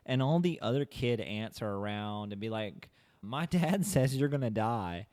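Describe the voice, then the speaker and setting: A man's voice: medium pitch, normal speed, no room sound. Laughing podcast host, man, dry sound. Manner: animated retelling, laughs often. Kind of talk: casual movie discussion.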